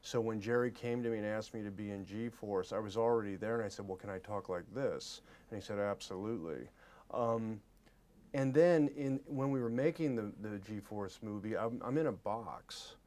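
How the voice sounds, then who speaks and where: A man in his forties giving a press interview as an actor, earnest and halting, often repeating his words. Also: on the low side, darkish tone.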